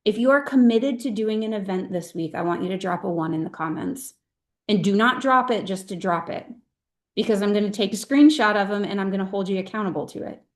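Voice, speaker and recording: A woman's voice: mid-range voice, a little fast. A middle-aged woman leading her sales team on a video call, speaking in an earnest, emphatic and heartfelt way. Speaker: direct-sales team leader.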